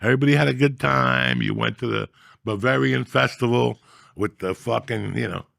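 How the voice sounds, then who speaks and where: A podcast host with a heavy, gravelly vocal fry rants through comic stories in a profane, animated manner, breaking into loud outbursts when he acts out scenes. His pitch is medium and speed normal, and the recording is close and dry with no room sound.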